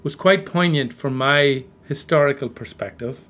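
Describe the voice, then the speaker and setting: A man's voice: mid-range voice, normal speed, fairly bright tone. A man from Cleveland co-hosting a comedic review chat, joking theatrically in an accent he has put on. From Cleveland, USA. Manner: theatrical, joking, puts on a Scottish-style accent. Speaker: co-host.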